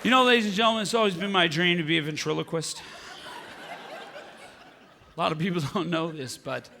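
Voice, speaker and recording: A man doing stand-up comedy on a large theater stage, talking in an animated way and jumping into high squealing impressions, with audience laughter behind him. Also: brisk, gravelly, a crowd in the background, background noise.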